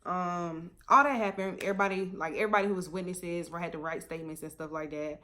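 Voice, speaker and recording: A young woman in a casual storytime vlog, talking in a slightly low voice. She tells it in an animated way, laughs a lot and swears without a second thought. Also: quick pace. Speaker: vlogger.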